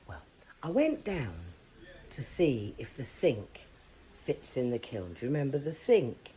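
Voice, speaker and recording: Low, lively-voiced woman potter narrating. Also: a little slow, slight background noise, low-quality recording. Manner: chatty and playful, with jokey asides. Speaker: potter and vlog host. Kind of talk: casual vlog voice-over narration. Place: Saint Lucia.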